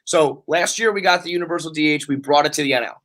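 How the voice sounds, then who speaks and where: Bright-voiced, profane podcast host man. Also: a little high, fast. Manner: animated, profane, riffing. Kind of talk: casual sports chat.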